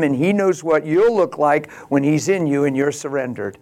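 Fairly high in pitch, a male pastor delivers a story-driven sermon. He shifts from quiet, measured lines to booming exclamations.

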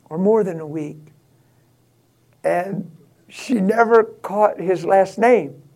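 A middle-aged man preaching, telling a funny story with frequent laughter. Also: high-pitched. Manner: laughing, animated anecdote telling. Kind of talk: sermon storytelling.

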